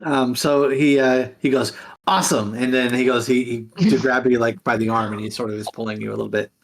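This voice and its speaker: A man with a mid-range voice narrates a tabletop game as game master. He improvises the scene as it goes in a loose, unhurried way. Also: mid-range voice, level tone, gravelly.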